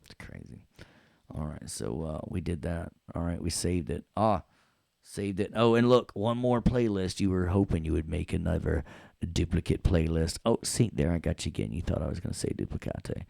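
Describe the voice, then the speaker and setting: Playful New York man teaching audio software. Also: sits low, vocal fry, dry recording, clean studio sound. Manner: playful, jokey, scats and hums along to the music. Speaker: audio workstation instructor. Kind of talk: casual screen-recorded lesson.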